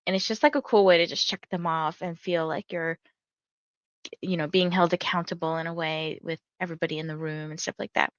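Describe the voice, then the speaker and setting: A woman hosts a readathon livestream, chatting and rambling with heavy use of "like" and reading viewer comments aloud. She's tired and yawning. Her voice is fairly low with fairly even intonation and a brisk pace, recorded without echo but with the highs cut off.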